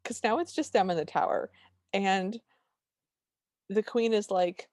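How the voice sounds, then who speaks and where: A woman's voice: mid-range voice, measured pace, a little mellow, dry recording, studio quality. A woman co-hosting a casual podcast, recapping a film in a chatty, enthusiastic way. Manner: chatty and enthusiastic, with lots of fillers and restarts. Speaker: podcast co-host.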